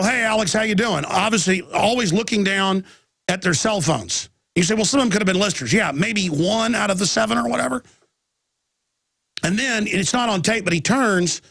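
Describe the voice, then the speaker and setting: A man's voice: high voice, vocal fry, fairly bright tone, dry recording. A man in his thirties with a Texan accent hosting a live talk radio show, telling a rambling story full of restarts and quoted voices.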